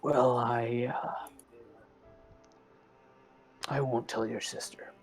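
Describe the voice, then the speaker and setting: A player voicing a quiet, confused male traveler who speaks haltingly in a tabletop game. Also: mid-range voice, level tone, faint music behind. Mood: subdued.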